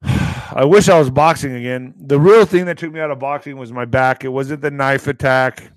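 A man's voice: mid-range voice, moderate pace, dry recording, poor audio. A man hosting his morning show, rambling casually and profanely while reading news aloud with stumbles.

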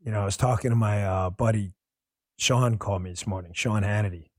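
Hosting his own talk show, a man delivers a passionate, blunt monologue and swears freely. His voice is lowish and a little fast. The sound is studio quality, with no room sound.

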